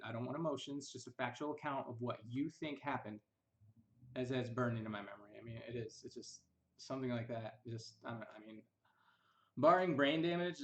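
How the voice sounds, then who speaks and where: Young male vlogger, casual storytelling, bitter and rambling, mid-pitched. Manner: bitter, rambling, quotes others in mocking voices. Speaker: vlogger recounting family history.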